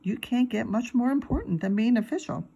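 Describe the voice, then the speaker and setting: A woman voicing a friendly, cheerful male grade-school teacher who speaks in a gentle, coaxing way in a storybook reading. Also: fairly high pitch, fairly quick, gravelly, breathy edge, lo-fi sound, pitched above the performer's own voice.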